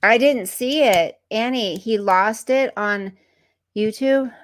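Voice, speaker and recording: A woman's voice: fairly high pitch, slow. A woman hosting a casual livestream, chatting to viewers by name and now and then dropping into whispered asides. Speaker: livestream host. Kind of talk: casual livestream chat, reading viewer comments.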